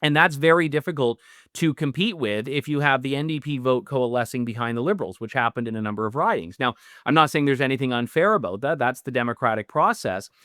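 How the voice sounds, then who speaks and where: Earnest man with a smooth voice. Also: mid-range voice, fast talker, fairly bright tone, no room sound, clean studio sound. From Canada. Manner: earnest, with many restarts and fillers. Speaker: political guest, newly elected MP. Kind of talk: interview answers.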